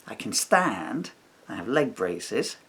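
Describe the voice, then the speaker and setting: A man's voice: on the low side, very animated, slow pace, fairly bright tone, a little hiss or hum. A man telling a long grievance in a personal vlog, rambling and indignant, acting out what others said. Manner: indignant, rambling retelling with acted-out quotes. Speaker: vlogger.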